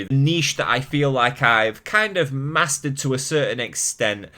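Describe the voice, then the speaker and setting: A man from Manchester, England, with a mild Mancunian accent and a mid-range, slightly bright voice, rants candidly to camera as a fitness YouTuber. He sounds exasperated, swears casually, and laughs at himself.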